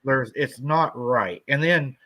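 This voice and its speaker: A man's voice: mid-range voice, slow, a bit bright, a little hiss or hum, poor audio. A man hosting a live stream, talking in a rambling, laid-back way about his own experiences. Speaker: host. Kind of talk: casual chat.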